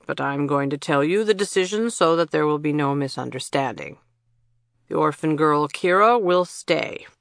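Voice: mid-range voice, lively intonation, normal speed, creaky, no room sound, clean studio sound. A storybook narrator voicing a stern male chief guardian who speaks firmly and with authority. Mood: commanding. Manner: firm, authoritative.

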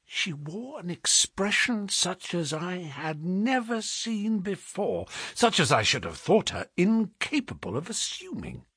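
A man narrating a story in the first person as an audiobook, with expressive delivery that drops to hushed tones in suspenseful passages. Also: sits high, a little slow, few pauses, slightly rough, no room sound, studio quality.

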